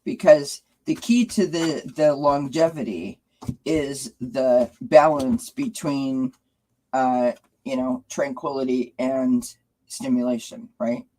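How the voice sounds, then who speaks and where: Husky-voiced woman chatting on a live stream. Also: extremely low pitch, takes it slowly, dark tone, poor audio. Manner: rambling, with loose restarts. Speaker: tarot reader hosting a live stream. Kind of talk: casual live-stream chat.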